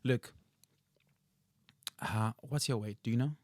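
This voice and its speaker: A man's voice: mid-range voice, slow, darkish tone, no room sound, studio quality. A man, a guest personal trainer, answering questions in a plain, direct way. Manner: plain, direct, slightly non-native phrasing. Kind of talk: casual podcast interview.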